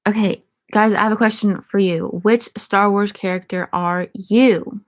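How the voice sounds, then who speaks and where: A woman's voice: medium pitch, fairly even intonation, unhurried. A young woman in casual Q&A chat, answering viewer questions with irreverent, profane, laughing banter. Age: young adult.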